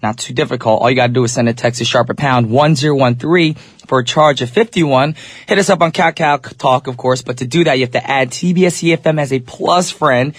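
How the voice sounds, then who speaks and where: A man hosting a live radio show from the studio, chatting upbeat with listeners while a little sick, his voice deeper than usual. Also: a little fast, no room sound.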